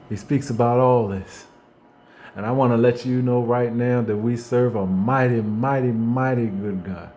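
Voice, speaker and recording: A motivational faith speaker with a medium-pitched voice talks off the cuff in a folksy, conversational style, against slight background noise. He frequently repeats himself and starts over, swinging between hushed reflection and fired-up bursts.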